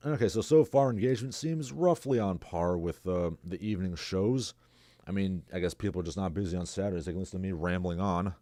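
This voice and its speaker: A man's voice: deep voice, brisk, mellow, no room sound. A man hosting his own livestream, talking alone in a sarcastic, rambling way and reading out viewers' chat messages. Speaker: livestream host. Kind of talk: casual solo commentary.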